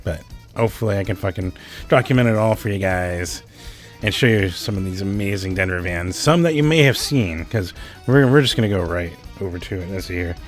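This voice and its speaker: A man hosting a casual show about local music, excited, swearing often and laughing between thoughts. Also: low voice, fairly quick. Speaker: host. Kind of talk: casual podcast chat. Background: music underneath.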